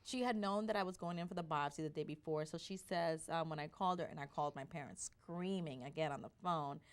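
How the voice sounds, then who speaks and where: A woman telling her personal story as an interview guest, in an animated way with frequent restarts. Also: deep voice, fast, slight background noise.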